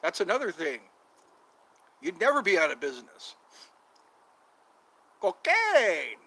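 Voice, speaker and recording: Chatting loosely and jokily on an outdoor stream, this male channel host draws out certain words as he rambles. His pitch is fairly high and very animated, his pace fairly quick, and his tone pushed, bright and husky, all on a low-quality recording.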